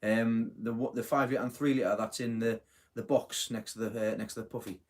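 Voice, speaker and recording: A man's voice: mid-range voice, fairly even intonation, moderate pace, a little mellow, slight background noise. Rambling man live-streaming. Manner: rambling, chatty, full of self-corrections and fillers. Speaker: host of a live gardening stream. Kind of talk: casual live-stream chat.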